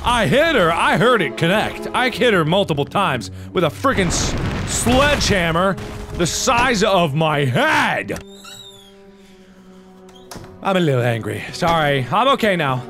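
A young man hosting a let's-play of a horror game, talking to himself and the viewers and bursting into loud, sweary outbursts and screams. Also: high-pitched, sing-song, measured pace. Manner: talks to himself and the viewers while playing. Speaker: gaming video host. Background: game music.

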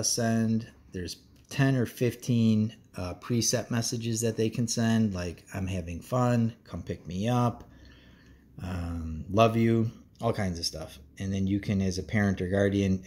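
A man's voice: sits low, dark tone. A man giving a casual, meandering product review as a parent, with frequent ums and uhs. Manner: laid-back, meandering, many ums and uhs. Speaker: parent reviewing a kid's smartwatch.

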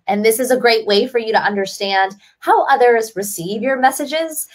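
A woman author as a podcast guest, explaining ideas in an articulate, upbeat way and telling stories. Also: lowish voice. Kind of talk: podcast interview.

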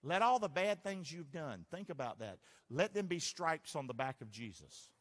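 A man's voice: on the high side, normal speed. A man pastor preaching a sermon, full of call-and-response questions aimed at the congregation. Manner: animated call-and-response preaching, asks the crowd to answer. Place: church sanctuary. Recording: long church reverb.

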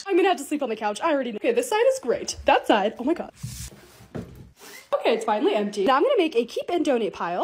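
Young female vlogger, excitable and talkative, quick high delivery. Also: slight background noise. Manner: chatty, excitable, fast narration of tasks. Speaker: lifestyle content creator. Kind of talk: casual vlog voice-over.

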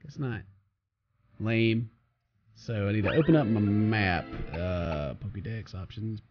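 A man's voice: on the low side, slow. A man casually commentating his gameplay as a let's play host, joking and chatting back at the game characters. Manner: jokey, talks to game characters and reads their lines aloud. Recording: slightly dull recording with faint game music.

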